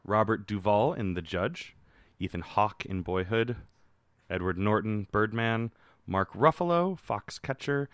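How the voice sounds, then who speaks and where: A man's voice: on the low side, lively intonation, unhurried, fairly bright tone, clear, resonant tone, no room sound. A man hosting a movie podcast, reading out the nominee lists in a dry, matter-of-fact way. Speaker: podcast host reading categories. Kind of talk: casual chat.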